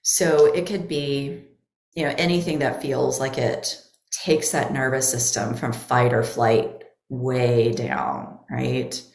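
A woman on a podcast, a therapist explaining inner parts in a slow, thoughtful way. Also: a bass voice, steady tone, a little mellow, roomy sound. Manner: explaining slowly with therapy terms. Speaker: guest therapist. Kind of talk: podcast conversation.

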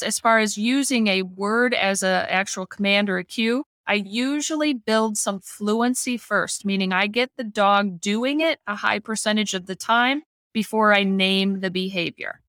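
A middle-aged woman who trains dogs talks through her method in a relaxed podcast conversation. She leans on homely everyday comparisons to make a point. Her voice sits in an ordinary middle pitch, recorded close and dry. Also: no echo. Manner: explains with homely analogies, acts out family voices. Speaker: dog trainer. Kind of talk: casual podcast discussion.

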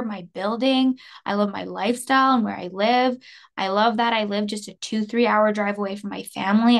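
A woman in her twenties from Canada, hosting a podcast in an earnest, emotional monologue, laughing softly between phrases. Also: medium pitch, vocal fry. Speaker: podcast host. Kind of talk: personal reflective monologue.

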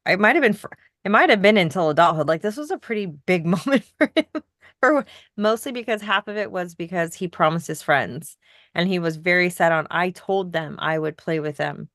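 Low-voiced woman telling a story. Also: expressive, fairly quick, no echo, studio quality. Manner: reflective, storytelling, laughs softly between points. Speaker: podcast co-host. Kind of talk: casual chat.

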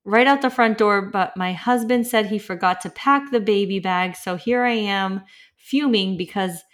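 A chatty woman in her thirties hosts a casual podcast, reading listener stories aloud. She breaks in with lively asides and laughs often as she goes. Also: medium pitch, normal speed. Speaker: podcast host.

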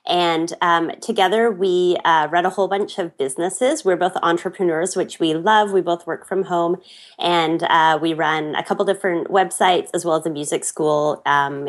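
A Canadian woman with a Canadian accent, a podcast guest talking in a friendly, relaxed way. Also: lowish voice. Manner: friendly, relaxed, light fillers. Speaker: guest, blogger and entrepreneur. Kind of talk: casual podcast interview.

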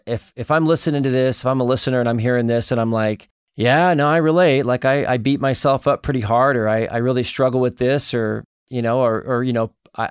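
A male podcast host talks in a reflective, halting way, restarting his sentences as he works toward a question. His voice is mid-low and recorded dry and close. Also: clean tone, no echo. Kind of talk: casual interview chat.

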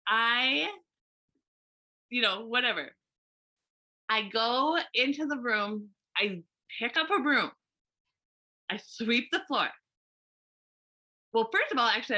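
A woman hairstylist telling a story in casual chat, animated and full of "like" and restarts. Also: mid-range voice.

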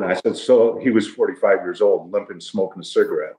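Older male ex-athlete, easygoing joker, lowish voice, echoey recording. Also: fairly quick, darkish tone. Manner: jokey, laughing storyteller. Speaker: guest, retired football player. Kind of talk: casual storytelling.

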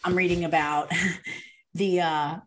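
A woman guest on a podcast, telling her personal faith story in a casual, animated way, full of "um" and "like" and acted-out dialogue. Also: lowish voice, slow pace. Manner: animated, with fillers and reenacted dialogue.

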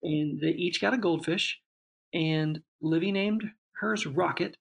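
A man, a father, in relaxed conversation, telling a long reflective story with many restarts and asides. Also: a little high, slow pace, gravelly, slight background noise. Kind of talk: casual chat.

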